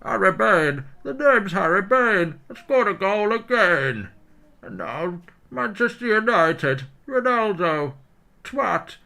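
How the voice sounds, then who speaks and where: A man's voice: high voice, gravelly, sharp tone, clean tone, voice pushed up, full character voice. A man putting on the voice of a boastful, petty male star striker who gloats.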